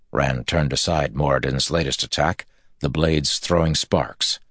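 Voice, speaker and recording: A man narrating a fantasy novel in a steady, measured audiobook reading. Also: rumbling low, dry recording, studio quality.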